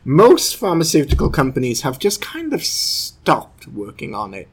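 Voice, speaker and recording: A man's voice: medium pitch, wildly swooping pitch, unhurried, husky. A man co-hosting a casual podcast, chatty and jokey, laughing often while he talks. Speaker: podcast co-host.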